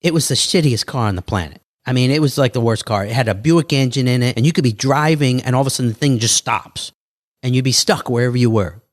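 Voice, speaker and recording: A man telling stories as a podcast guest in an animated, casual way, acting out other people's lines. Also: medium pitch, fast, no room sound, studio quality. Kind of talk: casual interview storytelling.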